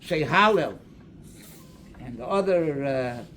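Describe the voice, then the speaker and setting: An older man, a rabbi delivering a slow, deliberate sermon that mixes Hebrew and Aramaic quotations into English. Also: medium pitch, expressive, a bit bright, a little hiss or hum.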